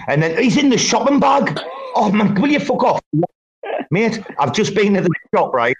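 A man's voice: sits high, very animated, moderate pace, lo-fi sound. A man chatting casually on an online voice call, blunt and matey, swearing freely between fillers. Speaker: participant in an online audio chat room. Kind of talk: casual chat.

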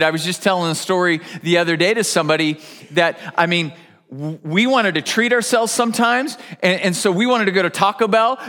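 High-voiced male pastor preaching. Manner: animated storytelling with restarts. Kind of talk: sermon.

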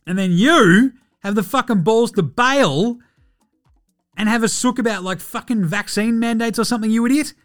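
A man impersonating a furious basketball star, swearing slowly and emphatically at a teammate. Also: on the high side, bright, forceful tone, clear, resonant tone.

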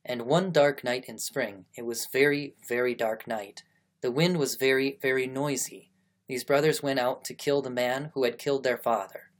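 A man's voice: mid-range voice, moderate pace, natural voice. A man voicing a polite, eager Japanese schoolboy in a stilted period-drama accent. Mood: earnest.

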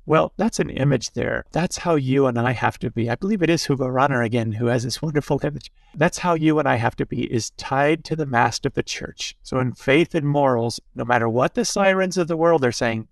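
A priest with a gravelly, textured voice speaks in a dry, close recording. He teaches reflectively and tells stories in a conversational way, tossing in little asides to his listener. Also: medium pitch, brisk, few pauses, no room sound. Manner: storytelling, with asides like "huh?". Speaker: Jesuit priest, guest.

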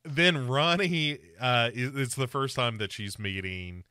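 A man's voice: mid-range voice, measured pace, bright, forceful tone, clean tone, no echo, studio quality. A man hosting a podcast, casually recapping a movie with wry mock quotes. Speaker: podcast host. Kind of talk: casual movie review chat.

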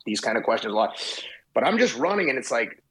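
A man in his fifties, a podcast guest telling a swearing, animated anecdote in casual chat. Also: medium pitch, fast talker, breathy edge. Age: 50s. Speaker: podcast guest, marathon runner.

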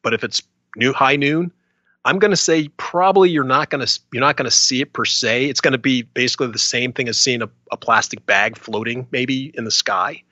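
A man's voice: medium pitch, brisk, bright, forceful tone, no echo, highs cut off. A man co-hosting a casual podcast, rambling and hedging with lots of filler phrases. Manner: rambling, hedging, many "you know"s. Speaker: podcast co-host. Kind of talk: casual chat.

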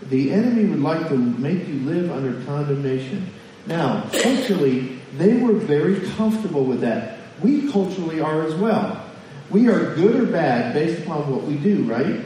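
A man preaches a sermon, asking the congregation questions in a conversational, pastoral way. His voice is fairly high and mellow. It comes from well back from the mic in a roomy, echoing hall. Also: lively intonation, normal speed, few pauses, a little hiss or hum. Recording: echoey hall from far off.

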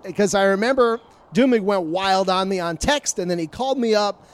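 A man's voice: high voice, brisk. A man casually recounting sports media stories on a podcast, acting out the arguments he quotes. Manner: animated storyteller, acts out quoted arguments.

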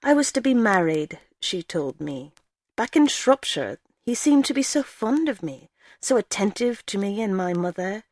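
A woman's voice: mid-range voice, lively intonation, normal speed, a little mellow, no room sound, clean studio sound, lightly acted. A woman reading the lines of a frightened young country girl, speaking timidly and hesitantly. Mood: earnest.

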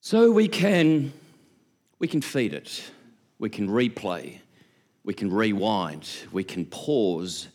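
A man preaching a sermon as a pastor, an animated storyteller who acts out little scenes and laughs often. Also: on the low side, slow.

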